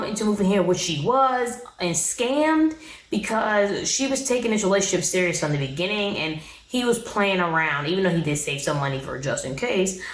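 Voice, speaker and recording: A woman's voice: mid-range voice, echoey room, a little hiss or hum, poor audio. A woman giving a casual, blunt, sassy recap of a reality show, talking straight to her viewers.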